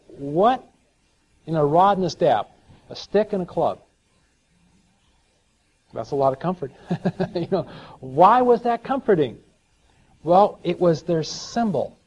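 A man's voice: a little high, animated, takes it slowly, pauses often, slightly rough. Storytelling male preacher, lo-fi sound. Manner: storytelling, shifts between soft asides and emphatic scripture reading. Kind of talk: sermon. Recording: dull lo-fi sound.

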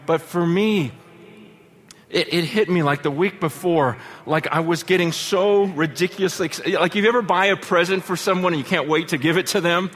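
A man preaching as a pastor, telling a story conversationally with many asides, swinging between excited outbursts and hushed earnest lows. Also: normal speed, slight background noise. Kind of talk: sermon storytelling.

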